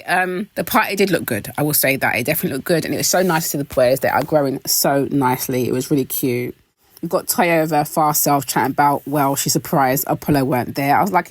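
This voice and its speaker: A British woman hosting a casual, gossipy recap of a reality show, animated and quick to laugh. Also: no room sound. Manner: animated, laughing, expressive pitch jumps.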